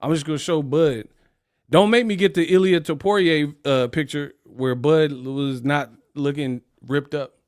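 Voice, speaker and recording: A man's voice: on the high side, fairly even intonation, unhurried, a little mellow, smooth. A man hosting a casual livestream rant, talking in slang and laughing off his critics in a mocking, dismissive way. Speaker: livestream host.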